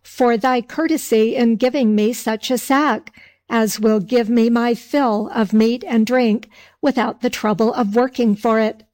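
A woman voicing a poor, simple, lazy peasant man in slow archaic speech. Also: a little high, fairly even intonation, darkish tone, lightly acted. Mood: plain.

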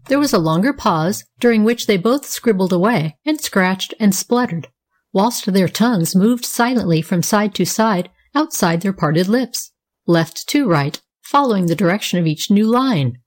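A woman narrating a children's story in a gentle, even reading manner. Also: medium pitch, moderate pace.

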